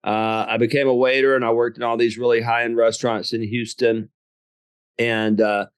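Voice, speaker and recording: A man's voice: medium pitch, level tone, normal speed, smooth, no echo. A middle-aged man with a Southern US accent, from southern Alabama, telling his life story as an interview guest in a folksy, joking way. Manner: folksy, jokes and laughs at own stories. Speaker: guest, business coach and author.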